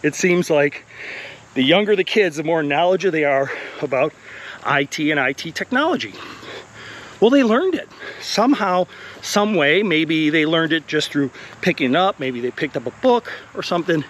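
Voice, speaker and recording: A man's voice: fairly high pitch, animated, moderate pace, fairly bright tone. Male college instructor, walking vlog, a bit out of breath, earnest and encouraging, faint outdoor noise. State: a little out of breath. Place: outdoor wooded path.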